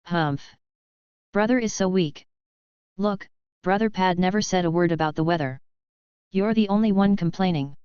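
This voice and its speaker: A sharp-tongued young noble girl from an audiobook, mocking her brother, as a woman reads her. The voice is low for a woman and very clear, on dry audio. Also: normal speed, pauses often, dry recording, dull audio, lightly acted. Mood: teasing. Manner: teasing, scornful. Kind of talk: audiobook reading.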